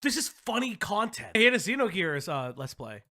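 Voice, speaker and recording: High-pitched excitable male streamer. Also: moderate pace. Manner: excitable, shouting and laughing, swearing often. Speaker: commentary streamer. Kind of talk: casual stream chat.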